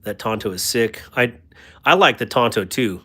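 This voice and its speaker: A man's voice: mid-range voice, expressive, normal speed, breathy edge. A man hosting a casual livestream, chatting about knives, reading viewer comments and joking about himself. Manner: chatty and self-deprecating, thanks viewers warmly. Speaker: host of a knife livestream.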